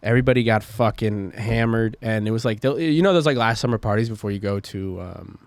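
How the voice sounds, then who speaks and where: Rambling young man with a low, dry voice. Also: a little fast, no echo. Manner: rambling storytelling, lots of fillers and swearing. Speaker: podcast co-host. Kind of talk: casual chat.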